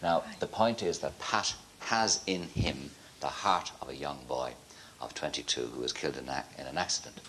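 An older Irish man with an extremely deep voice interviews guests on a studio talk show. He asks gentle, conversational questions, with a faint hum of studio noise behind him. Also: normal speed, hardly any pauses.

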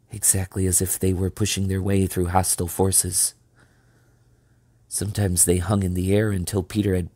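A man reading a children's novel aloud as storyteller, steady and measured. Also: low-pitched, no echo.

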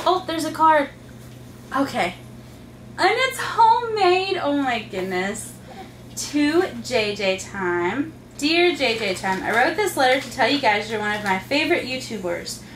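A high-pitched mother hosts a casual unboxing, her voice swooping up and down as she gushes and coos to her toddlers. She speaks unhurriedly. The sound comes from a mic set some way off in an echoey room with a faint hum of ambience. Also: far from the mic. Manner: gushing, sing-song baby talk to her toddlers. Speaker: mother and channel host. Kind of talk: casual unboxing vlog talk.

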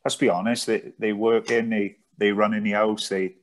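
A man in his thirties, a charity founder appearing as a podcast guest, chats casually and often asks "do you know what I mean." His voice is fairly low and level, a little fast, with a loud crowd in the background.

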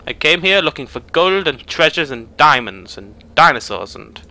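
A British man voicing a talking male skull who gets loud and outraged, raising his voice high. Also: sing-song, moderate pace, exaggerated voice. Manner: loud, raised, outraged squawking. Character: indignant talking skull named Sebastian, male.

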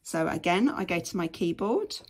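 A woman's voice: fairly low pitch, animated, normal speed, husky. A woman, teaching patiently and step by step in a screen-share tutorial. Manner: patient, step-by-step, frequent "okay".

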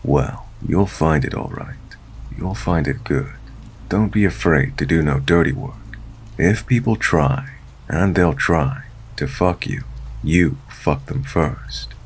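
A man voicing a menacing middle-aged ex-convict driver with a husky, slow, gruff drawl. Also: very deep voice, heavily acted.

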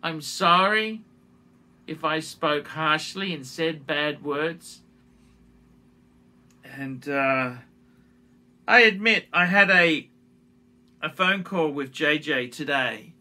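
Man, YouTuber apology video, high-pitched, slow and halting, repeats phrases. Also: bright, forceful tone. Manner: halting and repetitive, restarting phrases. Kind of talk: emotional direct-to-camera apology.

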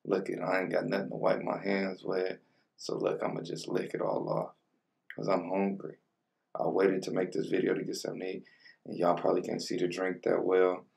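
A man's voice: low voice, completely flat delivery, moderate pace, gravelly, darkish tone, far from the mic. A young man casually chatting through a food vlog, talking in laid-back slang between bites. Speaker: mukbang vlogger. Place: home room with colored lighting.

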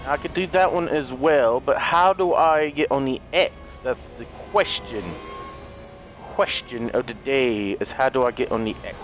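A man giving excitable let's-play commentary on a puzzle game, shouting and joking at the characters. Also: medium pitch, moderate pace, slight background noise. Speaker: gaming commentator. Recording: game music behind voice.

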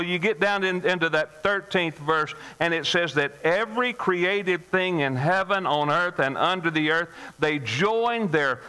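A man's voice: on the high side, sharp tone, poor audio. A male pastor preaching a midweek sermon in church, emphatic and repetitive, with frequent restarts. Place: church sanctuary.

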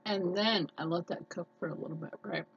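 A woman's voice: fairly low pitch, a little fast, lo-fi sound, faint music behind. A woman chatting casually in a cooking vlog, her voice a little scratchy and nasal, rambling with lots of fillers. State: scratchy, slightly hoarse voice. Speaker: cooking vlogger.

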